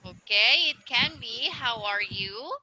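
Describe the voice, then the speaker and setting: A woman tutoring English one-on-one over a video call, speaking slowly and encouragingly and modeling intonation for her student. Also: fairly high pitch, animated, bright, forceful tone, a little hiss or hum, poor audio.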